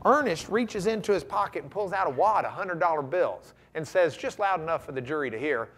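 A man lecturing a class tells a courtroom story with flair, his voice sitting fairly high. He builds from quiet asides to loud, dramatic bursts. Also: expressive, fairly quick, hardly any pauses. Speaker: guest lecturer, trial lawyer.

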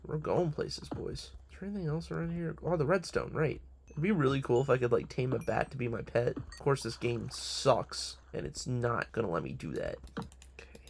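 A young man rambles through his own game, joking and swearing at himself, his pitch swinging widely from line to line. His voice has a gravelly edge, and a faint hiss sits under the recording. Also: fairly bright tone. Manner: profane, joking, talks to himself. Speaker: gamer. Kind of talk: casual gaming commentary.

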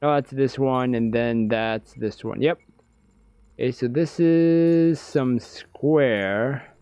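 A man streaming a horror game, giving excitable, jokey commentary and talking to himself. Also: medium pitch, slow, clean tone, dry recording. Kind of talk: let's play commentary.

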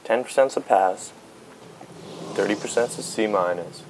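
A man's voice: fairly low pitch, unhurried, a little mellow, a little hiss or hum, rough recording. A man giving casual, joking commentary as he plays a video game. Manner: joking, riffs and sings along. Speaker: let's play gamer.

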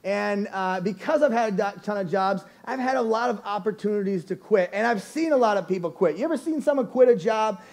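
A man preaching a storytelling sermon to a church congregation, animated and playful, often laughing as he goes. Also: sits high, brisk, few pauses. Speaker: lead pastor. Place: church service before a congregation.

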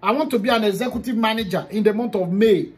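A woman's voice: mid-range voice, quick pace. A Nigerian woman coaching her team in a motivational teaching talk. She speaks with emphasis and hammers key phrases through repetition. Now and then she drops into pidgin. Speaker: business coach.

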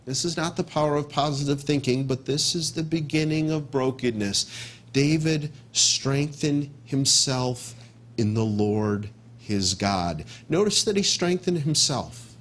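A man preaching a verse-by-verse sermon as pastor, repeating key phrases with emphasis and dropping to a hush to stress a point. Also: medium pitch, measured pace, slight background noise. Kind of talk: expository sermon.

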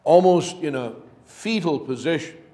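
A man preaching a sermon as pastor, telling a story in a slow, measured way. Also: fairly high pitch, expressive, warm tone. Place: church sanctuary. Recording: long church reverb.

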